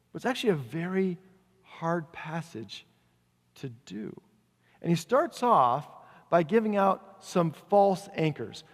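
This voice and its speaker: A man preaching a sermon in a casual, conversational way, slowing down to read scripture aloud. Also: a little high, slightly rough. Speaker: pastor. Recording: long reverb of a large hall.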